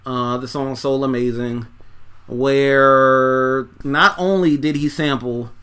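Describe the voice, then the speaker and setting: A man's voice: medium pitch, fairly even intonation, slow pace, bright, forceful tone, clean tone. A man casually reviewing an album track by track, loose and profane, with lots of fillers, talking while he folds laundry. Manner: talks while folding laundry. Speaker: music reviewer.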